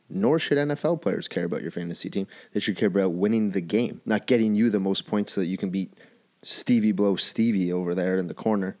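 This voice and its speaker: A man's voice: sits low, a little mellow. A man hosting a solo football betting show, giving his picks in an emphatic way and repeating key phrases. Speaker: sports betting show host. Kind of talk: solo sports picks commentary.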